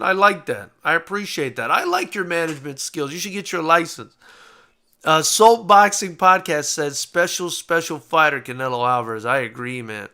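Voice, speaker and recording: A man hosting a live post-fight boxing reaction stream, chatting casually, getting excited and swearing freely. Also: fairly high pitch. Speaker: boxing show host.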